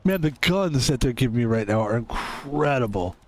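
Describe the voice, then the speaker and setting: A man's voice: mid-range voice, lively intonation, normal speed, a little hiss or hum. A young adult man streaming a game, chatting casually in a rambling, joking way with plenty of swearing. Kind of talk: casual gaming stream chat.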